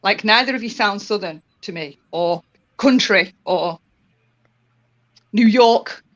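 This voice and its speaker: A woman's voice: mid-range voice, takes it slowly, fairly bright tone. Northern English woman, muffled audio. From Northern England. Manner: chatty, laughs often. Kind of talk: casual chat. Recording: dull lo-fi audio.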